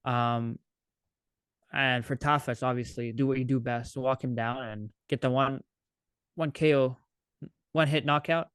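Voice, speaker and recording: A man's voice: mid-range voice, steady tone, measured pace, long pauses, fairly bright tone, clean tone, no echo. A man co-hosting a podcast in casual chat, joking and laughing as he talks. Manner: joking, laughs while talking. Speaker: podcast co-host.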